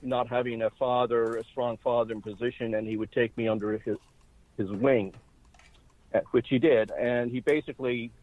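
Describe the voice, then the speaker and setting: A man's voice: medium pitch, normal speed, dry recording. Man in his 60s with a Boston accent on a tinny phone line. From Ireland. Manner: steady, conversational storytelling with fillers. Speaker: guest. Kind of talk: phone interview, personal story. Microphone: phone call.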